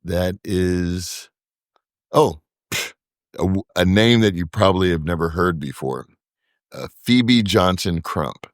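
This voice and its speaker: A man guest in a podcast interview, talking in a relaxed casual way and often repeating words as he searches for names. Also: low-pitched, unhurried, no echo, studio quality. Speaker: podcast guest, brewery co-founder.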